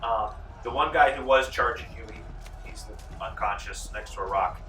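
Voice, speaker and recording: A man running a tabletop game as game master, telling the action with animated energy and shouting out the characters' lines. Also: fairly low pitch, normal speed, reverberant, recorded from a distance, slight background noise, rough recording. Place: large room, library program.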